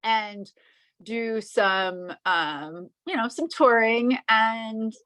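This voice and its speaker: A woman guest on a podcast, talking in an emotional, halting way with many restarts. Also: on the high side, lively intonation, bright, forceful tone, no echo. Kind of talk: casual interview chat.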